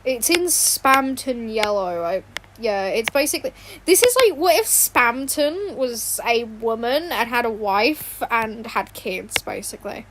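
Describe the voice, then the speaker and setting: A woman's voice: on the high side, animated, unhurried. A woman streamer chatting casually from her bedroom while drawing, rambling and giggly, often apologising. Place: home bedroom. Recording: fan noise in background. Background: fan hum.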